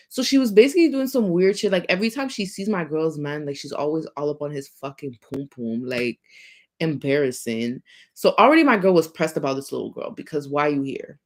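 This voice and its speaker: Young woman ranting in a profane storytime. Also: fairly quick. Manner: animated, profane, heavy use of filler "like"; swings between loud emphasis and low muttered asides. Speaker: vlogger. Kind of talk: casual storytime rant.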